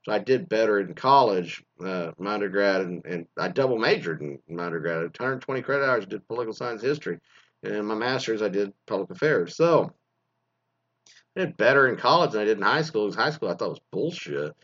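A man in his forties, a former teacher from Texas, ranting bluntly with constant swearing and animated storytelling. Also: on the low side, a little fast. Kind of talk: profane ranting monologue. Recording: slightly dull lo-fi recording.

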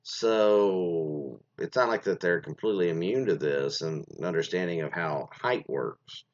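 Low-voiced male host, casual rambling chat, lots of fillers, lively pitch, dull lo-fi recording. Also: unhurried. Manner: rambling, many fillers and restarts. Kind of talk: casual commentary on reader stories. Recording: dull lo-fi sound.

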